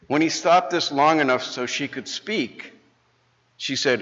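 A man's voice: a little high, unhurried, a bit bright. A man in his late fifties, a lay speaker at church, telling a folksy humorous story and then praying. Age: 50s. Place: church sanctuary. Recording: dull, long church reverb.

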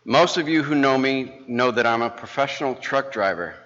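A man's voice: medium pitch, expressive, normal speed, a bit bright. A man in his late fifties, a lay speaker at church, telling a folksy humorous story and then praying. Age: 50s. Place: church sanctuary. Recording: dull, long church reverb.

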